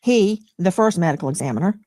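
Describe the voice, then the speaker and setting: A woman hosting a TV legal show, grilling a guest with forceful, combative, sarcastic questions. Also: lowish voice, animated, dry recording. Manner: combative, rapid-fire, sarcastic. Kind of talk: forceful cross-examining questions.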